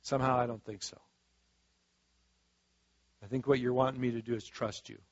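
A male preacher giving a sermon in a folksy, conversational way, swinging between soft asides and loud emphatic stretches. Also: medium pitch, fairly even intonation, moderate pace, no echo. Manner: folksy and conversational, acting out quoted voices. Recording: dull, dry lo-fi sound.

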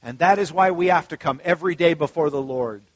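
A man's voice: on the high side, fairly quick, dry recording, lo-fi sound. A man preaching a sermon as pastor in a conversational way, with frequent asides and restarts.

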